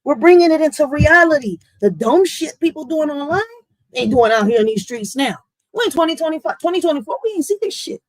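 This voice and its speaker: Blunt, higher-voiced woman ranting. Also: brisk, no room sound, rough recording. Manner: blunt, profane, animated venting. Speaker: livestream host. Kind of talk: casual livestream rant.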